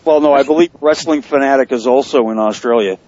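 A man's voice: mid-range voice, fast talker, a little mellow, no room sound, muffled recording. A man hosting a casual wrestling podcast, brash and profane, teasing his co-hosts. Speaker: podcast host.

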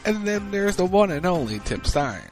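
A man's voice: sits high, very animated, normal speed, faint music behind. A man hosting a casual podcast, introducing his co-hosts with wry, teasing banter. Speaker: podcast host. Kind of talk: casual wrestling podcast chat.

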